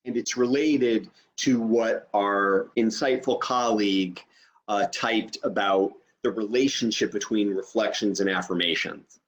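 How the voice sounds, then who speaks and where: A man's voice: fairly low pitch, a little slow, highs cut off. A man teaching an online training session over a video call, explaining step by step and checking in with "okay?".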